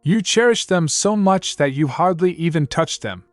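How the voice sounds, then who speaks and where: Booming scolding spirit, a man doing it. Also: moderate pace, no echo, faint music behind, natural voice. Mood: growling. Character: booming bossy spirit companion, male.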